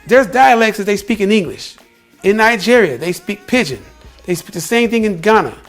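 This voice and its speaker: A man from the United States speaks in an emphatic, conversational vlog style, circling back over his points and addressing the listener as "bro". His voice sits fairly high for a man. Quiet music plays faintly in the background. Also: animated, moderate pace. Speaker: vlogger. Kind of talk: casual opinion talk to camera.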